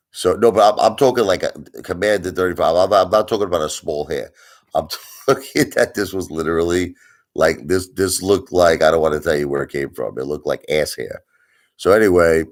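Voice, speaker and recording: A man hosting a live stream, telling a story in a casual, animated way, with plenty of swearing and repetition for emphasis. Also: a bass voice. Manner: animated, profane, repeats himself for emphasis. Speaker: livestream host.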